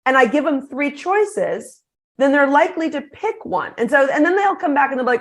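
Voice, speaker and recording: Energetic middle-aged woman speaker. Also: sits high, normal speed. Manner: energetic, animated storytelling. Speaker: guest speaker. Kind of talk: podcast interview.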